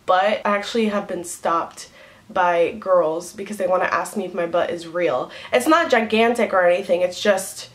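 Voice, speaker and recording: A woman's voice: fairly low pitch, moderate pace. A young woman vlogging to camera in a casual, rambling way, giggling often. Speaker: beauty vlogger.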